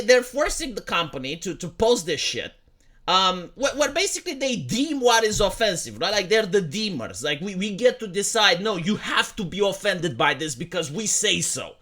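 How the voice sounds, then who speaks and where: A man with a high, bright voice rants through an opinion commentary. His pitch swings widely as he leans into sarcasm and emphasis. He often stammers and restarts words while pressing his points. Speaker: online commentator.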